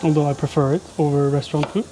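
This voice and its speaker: A man's voice: fairly high pitch, little pitch movement, very fast, background noise. A man live-streaming while he cooks, chatting casually and joking with his viewers. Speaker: livestreamer. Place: home kitchen, cooking.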